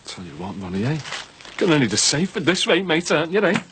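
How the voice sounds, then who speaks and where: A man's voice: a little high, big pitch swings, fast, fairly bright tone, slight background noise. A man playing a cocky, jokey mate who eagerly offers to handle the money in a TV soap drama.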